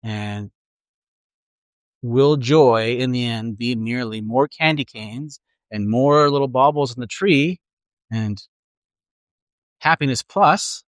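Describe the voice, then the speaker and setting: A male pastor delivers an earnest, reflective sermon, pausing to let his points land. His voice sits at an ordinary middle pitch. The sound is dry, with almost no room echo. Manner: earnest, reflective preaching with pauses. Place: church room with a congregation.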